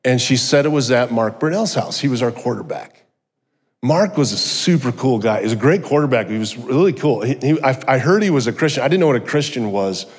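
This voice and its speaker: A middle-aged man giving a personal testimony sermon, telling his story with animated energy and joking asides. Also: mid-range voice, a little fast. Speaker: guest speaker. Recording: long hall reverb.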